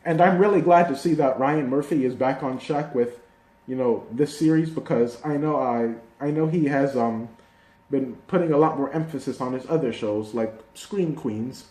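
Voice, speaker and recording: Chatty man with a mellow, echoey voice. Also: medium pitch, moderate pace. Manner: chatty, rambling with fillers and restarts. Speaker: TV reviewer. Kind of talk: casual video review. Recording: echoey room.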